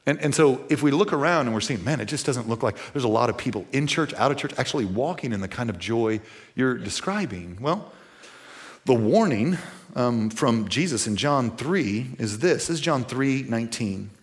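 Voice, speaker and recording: A middle-aged man preaching a sermon as pastor, animated, moving from hushed passages to near-shouting. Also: medium pitch, moderate pace.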